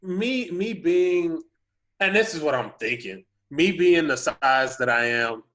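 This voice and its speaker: A man's voice: a little high, slow. A man, a podcast guest telling a story in casual talk, acting out voices and saying "like" a lot. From Humble, Texas. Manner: animated, acts out voices in anecdotes, lots of "like".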